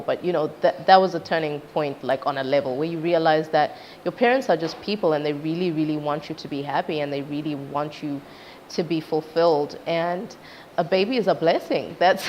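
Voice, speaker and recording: A woman's voice: deep voice, moderate pace, a little mellow. A young woman from Zimbabwe, a singer being interviewed, telling a personal story animatedly and acting out quoted parents. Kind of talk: casual interview chat. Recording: dull lo-fi sound with faint background noise.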